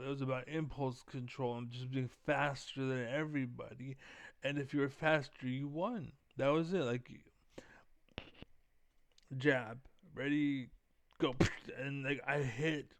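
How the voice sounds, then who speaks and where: A man's voice: mid-range voice, no room sound. Ranting young man, dry close sound. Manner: heated, profane, rambling with fillers. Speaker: vlogger. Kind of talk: casual rant to camera.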